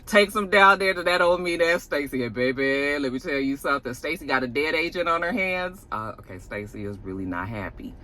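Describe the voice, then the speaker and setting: A TV show reviewer recaps an episode in a sassy, casual, animated way, cursing as she goes. Her voice sits low, and she talks fairly quickly with few pauses.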